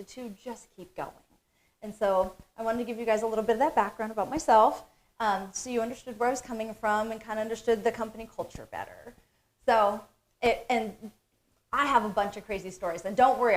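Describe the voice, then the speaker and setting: A middle-aged woman hosting a live stream for her company, talking in an emotional, effusive way with bursts of excitement. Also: medium pitch.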